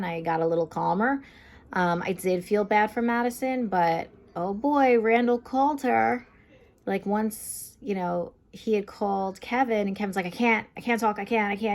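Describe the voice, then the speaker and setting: A young woman with a gravelly, mid-range voice gives a casual recap and review of a TV episode. She's chatty, leans heavily on fillers like "um" and "like," and acts out quotes.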